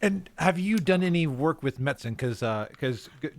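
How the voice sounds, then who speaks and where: Eager male podcast host, slightly high. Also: expressive, moderate pace. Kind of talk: casual podcast chat.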